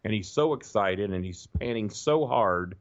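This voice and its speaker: A gravelly, fairly low-voiced middle-aged man, telling profane, rambling stories in casual chat. The sound is dry and dull, like a lo-fi recording. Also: animated, moderate pace, dry recording. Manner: profane, rambling anecdotes, acts out quoted voices. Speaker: podcast guest.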